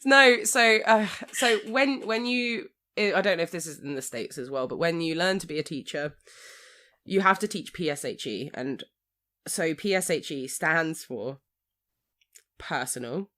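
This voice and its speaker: A woman, co-hosting a casual podcast chat and telling a story with lively, laughing delivery. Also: on the low side, measured pace. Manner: animated storyteller, laughing often. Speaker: occasional co-host.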